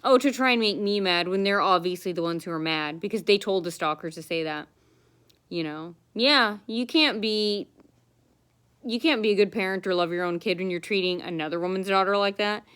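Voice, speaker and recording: A woman's voice: medium pitch, normal speed, fairly bright tone, clean tone. A woman telling a long personal story to the camera in a casual, rambling, aggrieved way, full of fillers and restarts. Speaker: vlogger.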